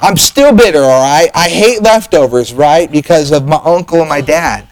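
Middle-aged preacher guy, folksy, rambling with lots of uh's, kinda high voice. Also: expressive, moderate pace, low-quality recording. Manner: folksy, storytelling, frequent fillers and restarts. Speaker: pastor. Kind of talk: sermon.

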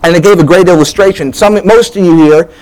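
A pastor delivering a sermon in a fairly high voice for a man. He preaches with emphasis, hammers points through repetition and often stumbles and restarts mid-phrase. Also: quick pace, darkish tone, poor audio.

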